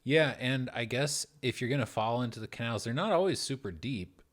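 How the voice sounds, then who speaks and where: A man's voice: medium pitch, brisk. A young man co-hosting a podcast with a dry, understated, wry way of talking. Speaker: podcast co-host. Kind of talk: casual chat.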